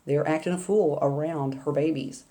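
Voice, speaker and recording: Low, mellow older woman chatting. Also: fairly even intonation, moderate pace. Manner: rambling, chatty, with laughs and asides. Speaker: vlogger. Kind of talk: casual storytelling chat.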